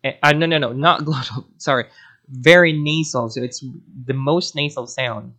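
A man talks through a language lesson at a middle pitch. He explains points at length, corrects himself mid-sentence and wanders off on side points before coming back. His is Cebuano. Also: moderate pace, bright, forceful tone. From Philippines. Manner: rambling and self-correcting, often digresses. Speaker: language teacher.

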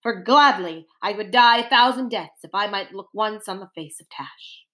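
A woman's voice: medium pitch, normal speed, pushed and bright, close to an everyday voice. A woman voicing an earnest young male soldier who speaks in formal, old-fashioned words.

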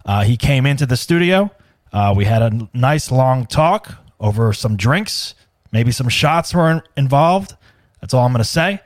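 A man's voice: mid-range voice, lively intonation, moderate pace, dry recording, clean studio sound. A man hosting a comedy podcast in casual, rambling, joking chat with many fillers. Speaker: podcast host. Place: home studio.

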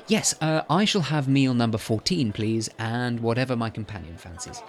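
A man's voice: mid-range voice, animated, normal speed. A man in his thirties hosting a podcast, narrating in a playful, chatty way with theatrical asides. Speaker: podcast host. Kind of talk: scripted comic narration.

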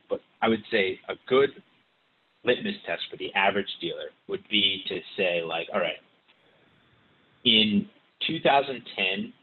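A man's voice: sits low, narrow, tinny audio, a little hiss or hum. A man from the car industry, chatting on a podcast and rambling with many restarts. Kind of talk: casual podcast chat.

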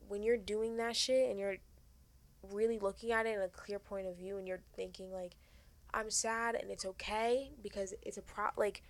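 A woman's voice: mid-range voice, no room sound. A young woman hosting a podcast, giving frank, earnest advice in casual chat and swearing freely. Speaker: podcast host.

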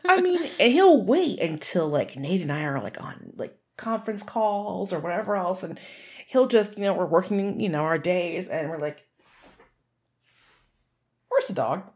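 A woman's voice: fairly low pitch, animated, normal speed. A woman chatting casually on a podcast, telling a story, laughing often and swearing freely.

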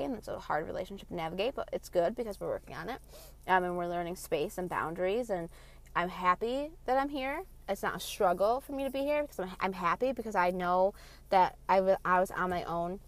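A woman's voice: lowish voice, lively intonation, fast. A woman in her late twenties ranting from her car, heated, blunt and full of swearing. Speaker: vlogger. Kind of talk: passionate rant.

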